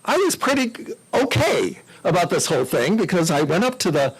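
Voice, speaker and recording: Through poor audio, an older man with a high, husky voice gives a talk to a club as a guest speaker, speaking at normal speed. He's chatty and animated, telling anecdotes and acting out the voices of the people in them.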